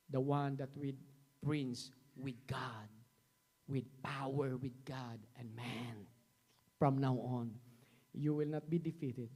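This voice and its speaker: A man with a Filipino accent preaching a sermon, emphatic, calling on the congregation to repeat after him and dropping to a hushed, intense voice. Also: mid-range voice, steady tone, unhurried. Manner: emphatic, call-and-response preaching. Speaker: pastor.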